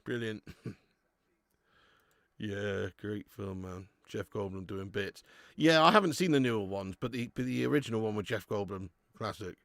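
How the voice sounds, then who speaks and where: Gravelly-voiced English man hosting a watch-along. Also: on the low side, animated, moderate pace, a bit bright, no echo. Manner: casual banter reading chat comments; laughs often, calls people mate. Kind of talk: live football watch-along chat.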